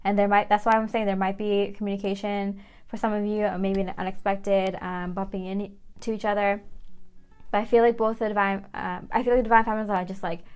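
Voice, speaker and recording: A woman's voice: medium pitch, little pitch movement, fairly quick, darkish tone, smooth. A woman giving a casual tarot reading, chatty and filler-heavy, over faint background music. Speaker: tarot reader.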